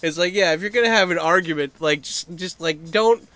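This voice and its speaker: A man talks to camera in a loose, profane rant, his voice bright and crisp and sitting a little high for a man. He keeps breaking into quick mimicked voices for other people. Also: no room sound. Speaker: YouTuber. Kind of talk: casual ranting vlog. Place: Japan.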